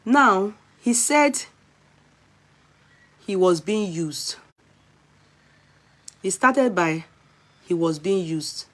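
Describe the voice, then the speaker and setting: A Nigerian woman commenting on a video clip in casual, animated vlog talk, mixing English and Yoruba. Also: mid-range voice, extremely slow, pauses often.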